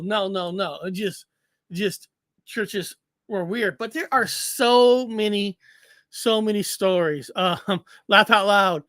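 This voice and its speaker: Chatty co-host, male, who repeats words and laughs a lot; bright, forceful tone, dry mic. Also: sits high, slow, no room sound. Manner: rambling, stammering repetitions, frequent laughs. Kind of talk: casual chat.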